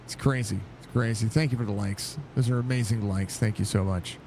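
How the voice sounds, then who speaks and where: A man doing casual live commentary on a sim race while chatting with viewers, with excited outbursts at crashes. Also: lowish voice, a little fast, slight background noise. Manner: chatty, greets viewers by name between race calls. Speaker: sim racing league commentator and streamer.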